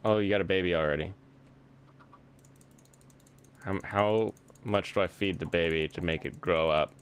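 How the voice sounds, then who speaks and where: A man's voice: sits low, fairly quick, clean tone. A man hosting a casual chat while playing a video game, rambling and easily amused, thinking aloud as he plays. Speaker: host.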